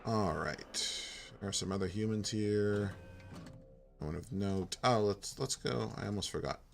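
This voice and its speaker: A man's voice: lowish voice, a little slow, gravelly, slight background noise. A man giving casual, rambling commentary on a game playthrough and reading its text aloud. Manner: relaxed, rambling, reads on-screen text aloud. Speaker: game streamer.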